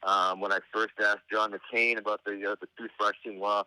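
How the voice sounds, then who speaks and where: Middle-aged male guest, rambling anecdotal storyteller, wry and halting, lowish voice with a very bright, forceful edge, dry close sound. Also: level tone, clear, resonant tone, no room sound, rough recording. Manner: meandering, halting delivery with frequent hesitations. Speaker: interview guest.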